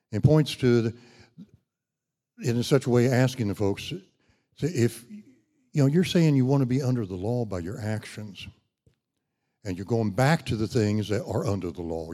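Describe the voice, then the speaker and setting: A man's voice: fairly low pitch, dark tone. A middle-aged man preaching a sermon, folksy and conversational, rising to emphatic when he reads scripture. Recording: long hall reverb.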